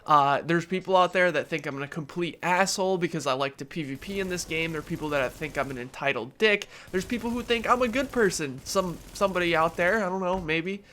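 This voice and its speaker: A man's voice: fairly high pitch, brisk, hardly any pauses, bright, forceful tone. A young man with a nasal, stuffed-up voice from allergies, giving his earnest opinion in a casual gaming vlog. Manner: earnest, opinionated, conversational with fillers. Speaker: gaming YouTuber.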